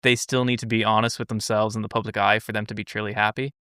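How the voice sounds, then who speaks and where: A man's voice: lowish voice, little pitch movement, quick pace, pushed and bright, smooth, no room sound, studio quality. A man co-hosting a podcast in casual chat, thoughtful and asking questions. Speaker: podcast co-host.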